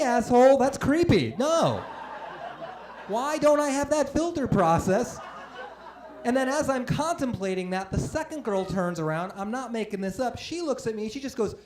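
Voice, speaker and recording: Male stand-up comic, forties, self-deprecating with loud outbursts; club stage mic, faint room noise behind. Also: extremely high pitch. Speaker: stand-up comedian. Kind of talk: live stand-up set. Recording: roomy live club sound. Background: audience laughter.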